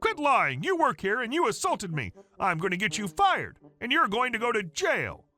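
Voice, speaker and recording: A man's voice: high voice, huge pitch swings, normal speed, pushed and bright, soft background music, voice pushed up, exaggerated voice. A man voicing an entitled, shrieking middle-aged woman shopper who hurls indignant accusations. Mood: accusing.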